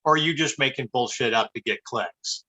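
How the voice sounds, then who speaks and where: A man co-hosting a nerd podcast, speaking bluntly and with force. He rants about what bothers him. His voice is bright and sharp-edged. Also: medium pitch, moderate pace, slightly rough, rough recording. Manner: blunt, ranting, emphatic. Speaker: podcast co-host. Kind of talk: casual chat.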